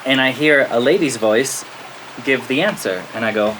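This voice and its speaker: An American man, a spiritual teacher, telling a story to his listeners in a lively way, often checking in with "okay?" and laughing at himself. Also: medium pitch, moderate pace. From United States. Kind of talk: storytelling talk to a spiritual audience. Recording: steady rain-like background noise.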